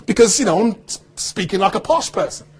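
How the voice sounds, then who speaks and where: An actor from Birmingham, England, with a neutral standard British accent, tells anecdotes to students, laughing and acting out what people said. His voice is high and husky, and he talks fairly quickly.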